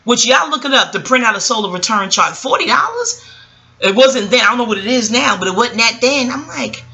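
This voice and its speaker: A woman's voice: on the high side, animated, brisk, creaky, pushed and bright. A woman from New York with a New York accent, an astrologer rambling casually to her viewers, digressive and chatty, calling them y'all. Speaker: astrologer and vlogger.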